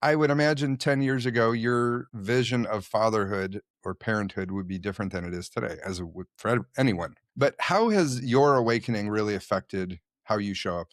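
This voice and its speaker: Male podcast host, low voice, dry close mic; reflective, conversational. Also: normal speed, hardly any pauses, dry recording. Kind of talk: casual interview conversation.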